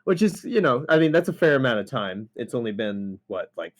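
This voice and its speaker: A man's voice: medium pitch, a little fast. A man hosting a gaming podcast, chatting casually and swearing often. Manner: lively, swears and laughs often. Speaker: podcast host. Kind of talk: casual chat.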